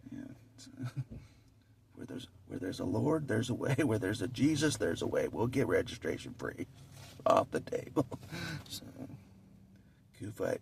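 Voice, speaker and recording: A man's voice: sits low, creaky, darkish tone. A man talking in a rambling, earnest casual monologue, often laughing and repeating himself. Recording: distant mic with faint background noise.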